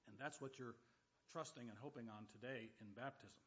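A man pastor preaching a sermon, with loud emphatic bursts and dry humorous asides. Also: medium pitch, expressive, moderate pace, pauses often, lo-fi sound.

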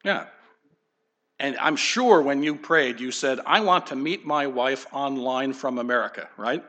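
A man's voice: medium pitch, a little slow, a bit bright. A middle-aged man, a pastor, giving a conversational sermon and putting questions straight to his congregation. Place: church sanctuary.

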